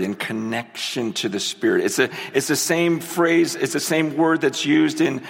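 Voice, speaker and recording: A man's voice: mid-range voice, moderate pace, gravelly, few pauses. A young man preaching a sermon with strong emotion, often repeating and restarting his phrases. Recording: long hall reverb.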